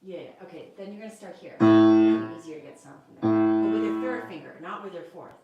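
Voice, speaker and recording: A woman's voice: mid-range voice, heavy reverb, far from the mic, lo-fi sound. A woman piano teacher giving a one-on-one lesson, patiently explaining step by step and checking that her student understands. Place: indoor room with a piano.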